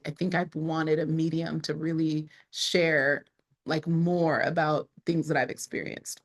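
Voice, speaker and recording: Female vlogger, fairly low voice, chatty and self-interrupting, laughs a lot. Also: gravelly. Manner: chatty, laughs often, many restarts. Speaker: online creator and speaker. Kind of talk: casual talking-to-camera vlog.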